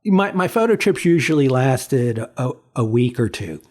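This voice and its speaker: A man in his sixties, a photographer being interviewed, telling stories in a halting way with many repeats and fillers. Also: medium pitch, lively intonation, a little mellow. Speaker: photographer, guest. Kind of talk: reflective storytelling in an interview.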